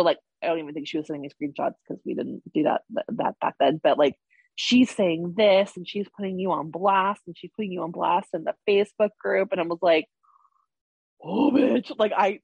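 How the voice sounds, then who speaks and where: A woman speaks candidly about her past, her words rambling and full of fillers. Her voice sits a little low and husky. The sound is dry and close, with a dull, lo-fi edge. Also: darkish tone, dry recording. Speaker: guest. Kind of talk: candid personal story.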